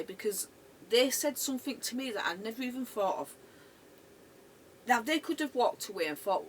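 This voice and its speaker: A middle-aged woman shares a personal memory in an earnest, conversational way. She sits some distance from the microphone. A faint hum of ambient noise runs underneath her voice. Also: a little high. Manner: earnest, conversational, emotional retelling. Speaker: vlogger. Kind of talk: personal storytelling monologue.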